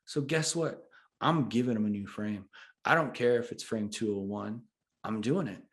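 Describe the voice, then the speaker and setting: A man's voice: fairly low pitch, normal speed. A middle-aged man chatting as a podcast guest, telling a work story and acting out the quoted back-and-forth. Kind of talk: casual storytelling chat.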